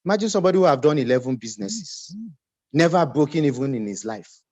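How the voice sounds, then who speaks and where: A man's voice: a little high, lively intonation, fast talker, dark tone, no echo, rough recording. A man with a Nigerian English accent giving an emphatic motivational pep talk as a business team leader, calling out for audience responses.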